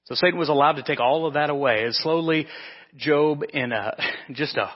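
Higher-voiced man preaching a story sermon. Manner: storytelling, drawn-out pauses. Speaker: pastor. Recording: dull echoey church recording.

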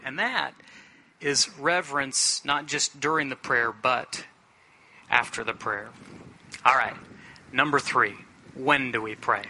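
Bright-voiced male preacher. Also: mid-range voice, slight background noise. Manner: earnest, plainspoken preaching with slowed emphatic phrases. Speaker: pastor. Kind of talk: sermon.

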